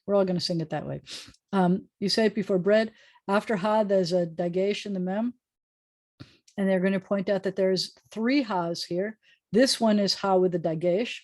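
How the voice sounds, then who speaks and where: A woman's voice: mid-range voice, normal speed, a little mellow. A woman rabbi teaching a prayer book Hebrew lesson over a video call, explaining patiently with frequent ums. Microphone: video call microphone.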